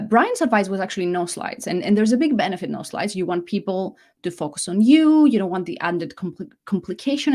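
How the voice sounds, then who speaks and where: A middle-aged woman gives a live masterclass in a casual, chatty way. She often restarts her sentences and leans on key words for emphasis. Her pitch sits in an ordinary middle range for a woman. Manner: chatty, self-correcting, lively emphasis. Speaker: leadership coach hosting a live masterclass.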